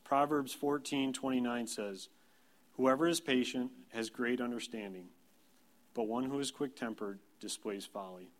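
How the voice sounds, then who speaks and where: A man's voice: mid-range voice, measured pace. A man in his thirties, a pastor, giving a sermon in a plain, conversational storytelling way, self-deprecating. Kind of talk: sermon with personal anecdotes.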